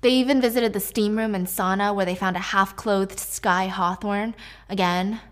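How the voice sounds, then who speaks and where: A woman's voice: medium pitch, fairly even intonation, normal speed. A young woman retelling a novel's plot in a casual, chatty way, full of fillers and slangy asides. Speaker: book recap creator. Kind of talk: casual storytelling recap.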